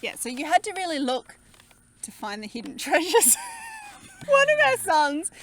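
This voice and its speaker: Bubbly Australian woman, fairly high voice. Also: huge pitch swings, moderate pace, fairly bright tone, slight background noise. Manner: bubbly, laughing, teasing. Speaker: co-host. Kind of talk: casual family vlog chat.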